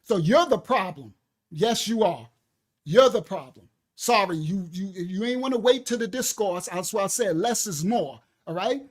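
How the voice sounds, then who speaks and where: A minister preaching to a live audience, sternly scolding a commenter. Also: male voice, sits high, lively intonation, moderate pace. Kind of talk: livestreamed preaching.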